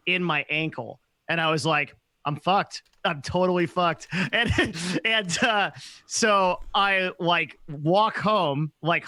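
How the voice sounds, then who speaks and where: Bright, lively higher-voiced male host. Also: dry recording. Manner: quick, animated, laughing storyteller. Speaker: podcast host. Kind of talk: conversational storytelling.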